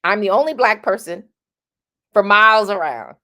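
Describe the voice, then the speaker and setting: This is a casual vocal lesson from a middle-aged female singing teacher whose medium-pitched voice is expressive and sharp in tone, at a moderate pace. Chatty throughout, she frequently asks "right?" and models sounds as she talks.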